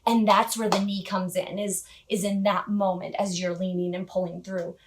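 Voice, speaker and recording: A woman's voice: mid-range voice, little pitch movement, normal speed, background noise. A woman vlogger telling a personal story in a casual, chatty way, with frequent little laughs and filler words. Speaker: motorcycle gear vlogger.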